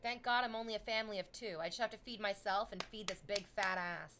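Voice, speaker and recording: A woman streaming, reading chat aloud and chatting casually in an animated, exclamatory way that drifts into tangents. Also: mid-range voice, fast talker, soft background music.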